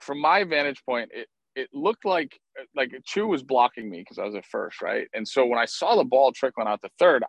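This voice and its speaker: A man telling a lively story from his playing days, swearing freely and acting out what people said. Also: mid-range voice, no room sound, rough recording. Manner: animated, profane, acts out quotes. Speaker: former baseball player, guest. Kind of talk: casual storytelling interview.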